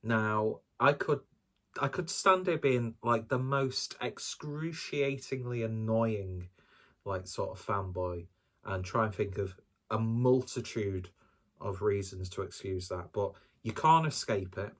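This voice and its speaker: A man's voice: on the low side, takes it slowly, fairly bright tone. A man doing a casual solo beer review, talking in a rambling, hesitant and self-deprecating way.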